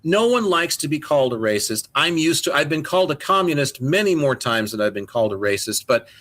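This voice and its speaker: Podcast guy ranting and cursing, kinda high-pitched voice. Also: big pitch swings, fairly quick, a bit bright. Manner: rambling, swears a lot, exasperated rants. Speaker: podcast co-host. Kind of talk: casual podcast chat.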